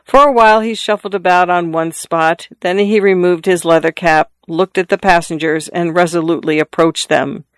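A narrator reading a classic story in a measured, descriptive way. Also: mid-range voice, fairly even intonation, a bit bright, clean tone, no echo.

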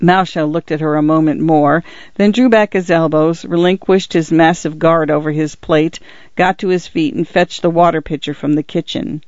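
A man narrates a literary audiobook in a measured, even way. His voice sits slightly high, and the recording is dry and a little dull. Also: no echo.

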